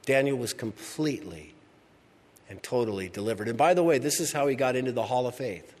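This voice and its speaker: A man preaching a sermon, reading scripture and swinging from loud, emphatic lines to hushed ones. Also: mid-range voice, brisk, in a large hall. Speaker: pastor.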